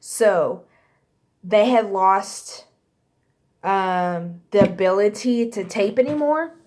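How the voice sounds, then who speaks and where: A woman's voice: medium pitch, slow pace, darkish tone. A woman vlogger telling a casual storytime, rambling and correcting herself as she goes and acting out what others said. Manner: rambling, self-correcting, acts out quotes.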